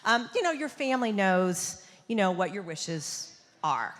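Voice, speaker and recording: Lady putting on a calm patient doctor guy, quiet and bright, hall echo behind. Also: high-pitched, measured pace, voice pushed down, exaggerated voice. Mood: reassuring. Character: calm reassuring male surgeon. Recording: long reverb of a venue.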